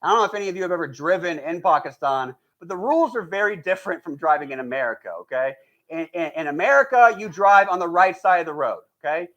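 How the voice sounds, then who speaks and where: A man's voice: high-pitched, fast. A man performing a stand-up comedy set in front of a live audience, telling stories with lots of energy, acting out the people in them and laughing at his own jokes. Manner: animated storytelling, acts out quoted voices, laughs at own jokes. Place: live show before an audience.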